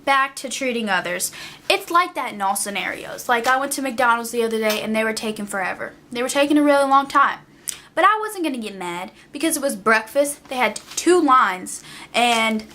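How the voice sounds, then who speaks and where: A woman's voice: sits high, pushed and bright. A young woman vlogger ranting casually, exasperated and emphatic, often repeating herself for effect. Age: young adult.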